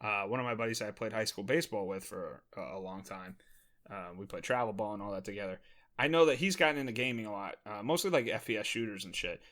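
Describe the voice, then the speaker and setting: A young man from Maryland, a podcast host, telling animated, profane stories in casual chat and laughing often. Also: fairly low pitch, fast. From Maryland, USA.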